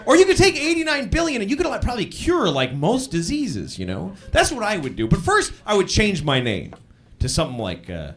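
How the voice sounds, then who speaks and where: A man's voice: huge pitch swings, fairly quick, fairly bright tone. Rambling man in stand-up, crowd behind. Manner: rambling, musing, wildly varying pitch. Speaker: stand-up comedian. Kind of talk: stand-up routine. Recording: live club with crowd noise.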